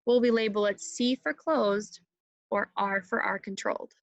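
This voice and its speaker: A woman teaching phonics to a young class, slow and encouraging, sounding each word out for the children to repeat. Her voice sits at a middle pitch. The recording is dry and close, with no room around it. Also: fairly even intonation, gravelly, no room sound, muffled recording.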